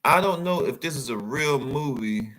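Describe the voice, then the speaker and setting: A man giving casual, animated commentary as he reacts to photos, calling out to his viewers. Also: medium pitch, normal speed, poor audio. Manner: animated, exclaiming, addresses viewers as y'all.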